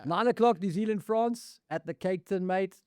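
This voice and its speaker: A man's voice: high voice, moderate pace, a little mellow, no room sound, studio quality. A man co-hosting a rugby podcast, easygoing and laughing as he lists fixtures. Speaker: podcast co-host. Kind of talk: casual sports chat.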